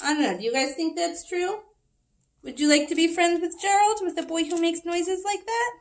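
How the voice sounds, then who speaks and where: A children's librarian reading a picture book aloud at storytime, animated and asking the children questions. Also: female voice, extremely high pitch, normal speed.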